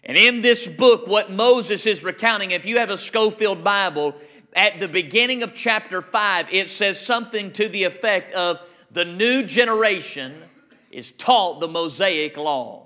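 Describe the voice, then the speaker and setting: A male pastor preaching an emphatic sermon, slowing down to read scripture. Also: sits high, bright, forceful tone.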